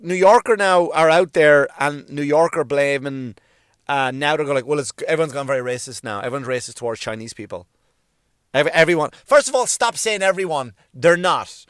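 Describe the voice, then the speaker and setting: A man's voice: a little high, a bit bright, no echo, studio quality. A male comedian delivering a profane, emphatic solo rant, hammering his points home through repetition.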